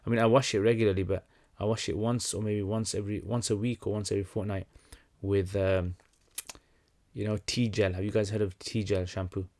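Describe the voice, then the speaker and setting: Brief: young man, low-pitched voice, loose livestream chat, lots of ums and restarts. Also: fairly quick. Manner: relaxed, conversational, many fillers and restarts. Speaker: livestream host answering questions. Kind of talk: casual livestream Q&A.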